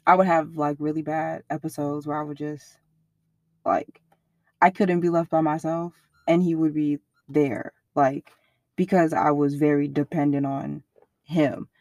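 Candid young woman, low dry voice. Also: unhurried, dry recording, lo-fi sound. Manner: casual slang-heavy, animated when quoting others. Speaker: interviewee. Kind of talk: candid personal interview.

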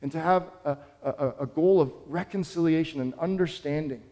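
A man's voice: a little high, normal speed, dark tone, long reverb tail. A man preaching a sermon as pastor, telling a story in an earnest, conversational way.

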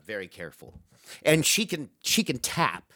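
A middle-aged man telling a long, animated, profane story in casual chat with a friend. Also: mid-range voice, moderate pace, no echo, clean studio sound. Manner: animated, profane, calls listener dude.

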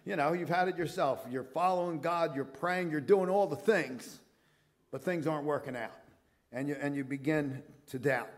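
A man's voice: a little high, normal speed. A middle-aged male pastor preaching a sermon in an earnest, conversational way, with frequent fillers and restarts.

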